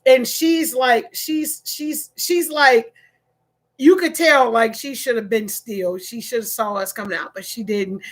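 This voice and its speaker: A middle-aged woman, telling a casual story to her vlog audience. She is animated, laughs often and repeats herself. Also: medium pitch. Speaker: vlogger.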